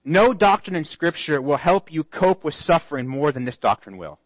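A man's voice: a little high, very animated, no echo. Earnest preaching man, dull dry sound. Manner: earnest preaching with scripture readings and emphatic pauses. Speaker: pastor. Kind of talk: sermon.

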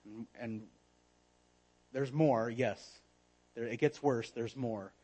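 A man preaching a sermon in an earnest manner, often dropping to a hushed voice for emphasis. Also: mid-range voice, takes it slowly, breathy edge, rough recording. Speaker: pastor.

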